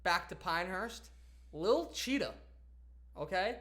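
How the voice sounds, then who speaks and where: A young man co-hosting a casual podcast, telling playful anecdotes in a loose, joking way. His voice is bright and sits a little high for a man. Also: lively intonation, slow. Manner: playful, tells funny anecdotes. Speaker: podcast co-host. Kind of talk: casual storytelling chat.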